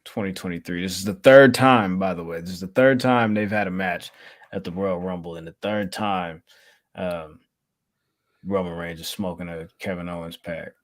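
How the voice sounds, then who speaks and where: Man, podcast host, casual chat, fairly low voice, laid-back, steers the talk. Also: normal speed.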